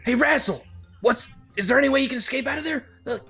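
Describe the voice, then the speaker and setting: A Canadian man yelling frantically as a game streamer in a shouty role-play. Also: extremely high pitch, fast, vocal fry, faint music behind.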